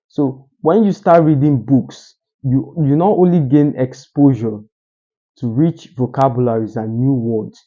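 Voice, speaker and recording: A man talking straight to the camera with deliberate pauses, teaching how to speak more articulately. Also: mid-range voice, warm tone, highs cut off. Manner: deliberate, uses pauses for emphasis. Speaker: communication coach. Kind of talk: solo talking-head advice.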